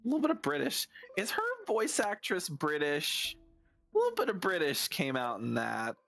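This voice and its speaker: A man's voice: fairly high pitch, wildly swooping pitch, moderate pace, creaky, a bit bright, soft background music. A man streaming a video game, chatting in a rambling, musing way as he plays. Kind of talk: casual gameplay commentary.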